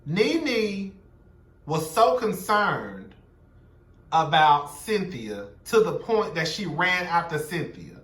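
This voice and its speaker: A man's voice: on the high side, very animated, slow, fairly bright tone, echoey room, far from the mic. A young man giving a sassy, blunt, profane recap of a reality TV episode, gossiping and quoting the cast. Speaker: show recap commentator.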